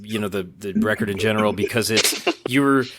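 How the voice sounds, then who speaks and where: A man hosts a podcast in a relaxed, conversational way. He sounds enthusiastic and thoughtful as he reflects on the music, often nodding along with short agreements. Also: on the low side, a little fast, a little hiss or hum. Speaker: podcast host. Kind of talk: casual interview.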